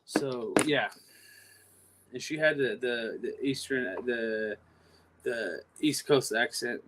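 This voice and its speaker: A man's voice: medium pitch, slow, a bit bright, a little hiss or hum. A man with a Californian accent hosts a casual livestream. He rambles through long stories, often repeating himself and trailing off mid-thought. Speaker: livestream host. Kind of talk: casual live-stream chat.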